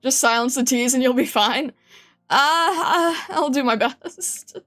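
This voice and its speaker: A woman's voice: sits high, unhurried, a bit bright, faint music behind. A woman streamer chatting casually with her viewers, giggling often and rambling with many restarts. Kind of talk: casual live-stream chat.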